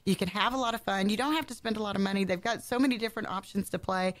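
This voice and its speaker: A woman's voice: mid-range voice, very fast. A woman guest-hosting a local radio show, chatty and bubbly, joking about herself and laughing often. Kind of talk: casual radio chat.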